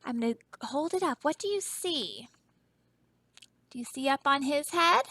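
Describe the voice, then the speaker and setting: A woman teacher reading a children's picture book aloud in a soft, expressive storytelling voice, often stopping to ask her young listeners questions. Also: sits high, moderate pace, no echo, rough recording.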